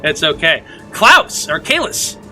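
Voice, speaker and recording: A game master narrating a tabletop game in a relaxed, easygoing way. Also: mid-range voice, moderate pace, faint music behind.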